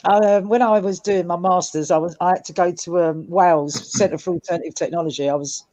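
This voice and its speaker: A woman's voice: on the low side, fairly even intonation, a little fast, warm tone, no echo. A woman in a casual video-call group chat, telling anecdotes with frequent laughs and stammered restarts.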